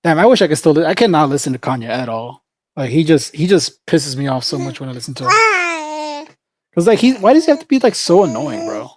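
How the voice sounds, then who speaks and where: A woman's voice: deep voice, very animated, fast talker, darkish tone. A woman livestreaming in casual chat, rambling and opinionated, with lots of fillers.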